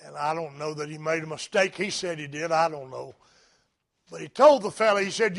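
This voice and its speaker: A male preacher delivering a sermon, emphatic and rising to shouts, weaving in personal stories. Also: fairly high pitch, moderate pace, creaky.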